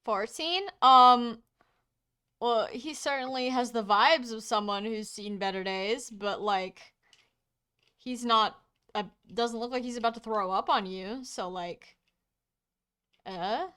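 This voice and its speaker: A woman's voice: on the high side, takes it slowly, pauses often, bright, forceful tone, clear, resonant tone. A woman running a tabletop game as game master, chatty and full of fillers. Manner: chatty, laughs easily, filler-heavy.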